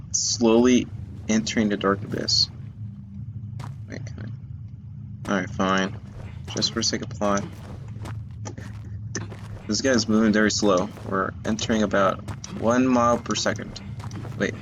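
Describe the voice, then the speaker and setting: A man's voice: on the low side, flat delivery, takes it slowly, pauses often, dull audio, noisy background. A man giving casual, jokey let's-play commentary, often stumbling over words and mocking himself. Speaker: gaming YouTuber.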